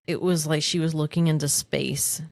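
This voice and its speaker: A woman co-hosting a paranormal podcast in casual chat, recounting a witness story in a halting way with frequent restarts. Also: low voice, steady tone, gravelly, darkish tone, no echo. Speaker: podcast co-host.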